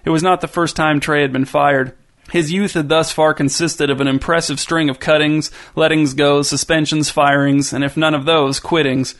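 Man reading a story, higher voice. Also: steady tone, normal speed, a bit bright. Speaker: narrator.

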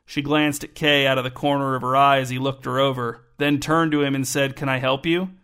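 A man narrating a novel in an even, measured storytelling manner. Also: mid-range voice, smooth. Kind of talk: audiobook narration.

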